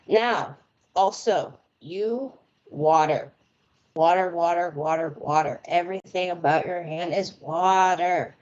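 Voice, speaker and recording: Slow, chatty American woman reading palms. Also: fairly low pitch, a little mellow, lo-fi sound. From United States. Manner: chatty, rambling, laughs often. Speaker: palm reader and tarot reader. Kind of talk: casual live-stream reading. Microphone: remote internet connection.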